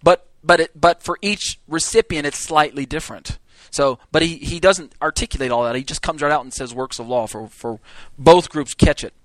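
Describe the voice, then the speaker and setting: A man teaching a Bible class, lecturing in an animated way, acting out quotes and often restarting his sentences. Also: a little high, normal speed, dry recording.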